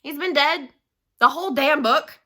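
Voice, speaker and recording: Young woman, vlogger, casual ranting book review; slightly high, bright tone, filler-heavy and profane. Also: normal speed. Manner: chatty, swears freely, heavy use of "like". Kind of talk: casual vlog rant.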